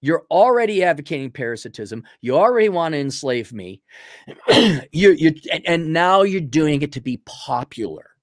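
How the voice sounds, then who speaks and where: A man rants profanely as a host fielding viewer questions, his pitch a touch high and swinging widely as he heats up. He stumbles and restarts, then curses hard, and the recording is dry and close. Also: big pitch swings, no room sound. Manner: profane, heated, halting restarts. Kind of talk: ranting commentary.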